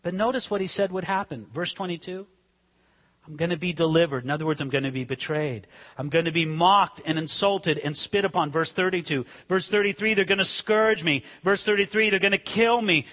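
A man preaching a sermon, swinging between hushed, slow asides and sudden dramatic shouts. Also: high-pitched, in a large hall. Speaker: pastor.

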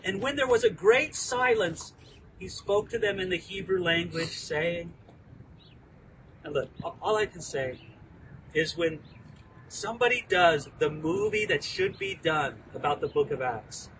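Man, pastor, very high voice, outdoor Bible teaching, distant mic, clear traffic noise. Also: measured pace. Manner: animated, acts out quoted lines. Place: outdoors within view of a landmark hill.

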